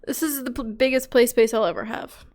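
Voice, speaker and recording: A woman with a bright, high voice talks loosely with a fellow player after a roleplay session. She laughs often and drops the odd swear word. The talk is relaxed and unscripted. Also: brisk. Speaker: roleplay host. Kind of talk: casual out-of-character chat. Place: home room being moved out of.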